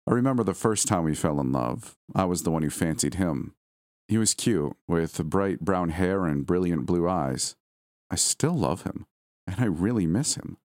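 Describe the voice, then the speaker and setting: Brief: man, very low voice, lively storytelling narration, dry close-mic sound. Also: no room sound. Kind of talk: first-person story narration.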